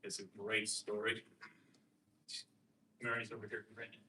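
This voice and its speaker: A man talking to a host, explaining and telling a story with emphatic rhetorical questions and lively quoted voices. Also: fairly low pitch, unhurried, recorded from a distance, slight background noise, poor audio. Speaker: guest speaker on election systems.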